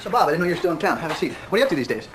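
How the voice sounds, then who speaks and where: A jumpy small-town lawyer, talks quick, voice goes all over, music under it. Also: male voice, a little high, low-quality recording. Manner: eager, excitable, fast-talking. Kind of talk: sitcom acting.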